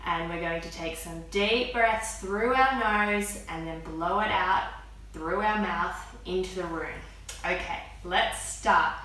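A woman's voice: medium pitch, sharp tone. A woman therapist leading children through yoga poses in an encouraging, lilting way, calling out each move. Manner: encouraging, lilting, calls out moves and animal sounds. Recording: very echoey room, voice from a distance.

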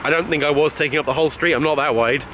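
A man's voice: a little high, fairly even intonation, rapid-fire, noisy background. A man casually vlogging to camera, rambling with lots of restarts. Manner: chatty, rambling with frequent restarts. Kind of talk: casual vlog.

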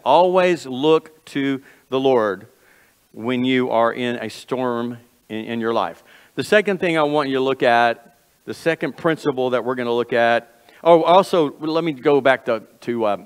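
Folksy pastor guy preaching, mid pitch, lots of echo from the church hall. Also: unhurried, smooth. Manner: earnest, folksy preaching with repeated phrases and self-corrections. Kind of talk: sermon. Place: church sanctuary.

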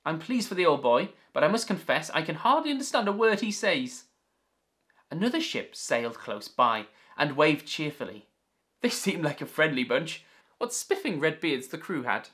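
A man's voice: on the high side, very animated, normal speed, pushed and bright. A man voicing a bold old sea captain as he reads out his log, in a jolly, theatrical storybook style. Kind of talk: storybook reading.

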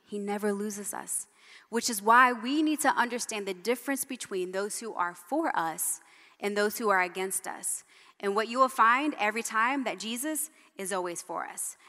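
A woman's voice: mid-range voice, bright, forceful tone. A middle-aged woman preaching a sermon, telling personal stories in a conversational way with frequent "right?" asides. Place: church hall. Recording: long church hall reverb.

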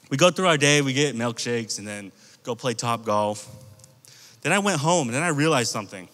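Youth pastor, American man, mid-pitched, chatty storyteller talking straight to the kids, long hall reverb. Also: fairly quick. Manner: conversational, animated storytelling, addresses the youth group directly. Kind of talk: casual youth sermon with storytelling.

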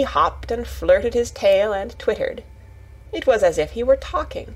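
A woman narrating a children's bedtime story in a calm, gentle reading voice. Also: on the high side, unhurried, husky, soft background music, low-quality recording.

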